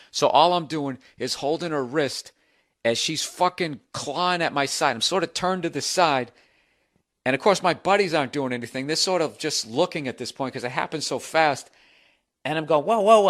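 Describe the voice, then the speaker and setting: Profane ranting man telling a story. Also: fairly high pitch. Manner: profane, sarcastic, animated. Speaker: podcast host. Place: home.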